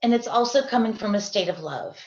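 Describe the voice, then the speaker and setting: A woman's voice: mid-range voice, lively intonation, brisk, roomy sound, dull audio. A middle-aged woman, a guest in an interview, giving a heartfelt personal testimony as a parent. She speaks in an earnest, confessional way and often checks in with "right?". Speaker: guest sharing her story as a parent. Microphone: video call.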